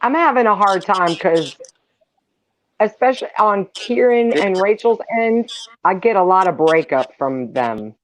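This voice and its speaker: A woman's voice: medium pitch, expressive, unhurried, no room sound, poor audio. A woman hosting a stream and chatting in an easygoing way on a video call. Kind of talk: casual chat.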